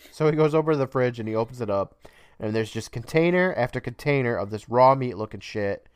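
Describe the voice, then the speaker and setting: A man's voice: medium pitch, smooth, dry recording, studio quality. A man co-hosting a podcast, recapping a show casually, swearing freely and laughing often. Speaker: podcast co-host.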